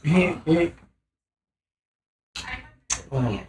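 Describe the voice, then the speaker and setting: A man with a somewhat high voice talks slowly and emphatically, rambling through his points with casual swearing. He sounds tipsy from drinking, a guest in a loose, unscripted chat. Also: animated, darkish tone, slight background noise, low-quality recording. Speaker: podcast guest.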